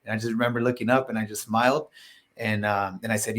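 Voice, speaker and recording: A man's voice: mid-range voice, steady tone, quick pace, a bit bright. Rambling man telling stories, full of fillers. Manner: rambling, heavy on "like" and "you know"; acts out quoted dialogue in his stories. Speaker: podcast guest, entrepreneur. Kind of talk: casual storytelling interview.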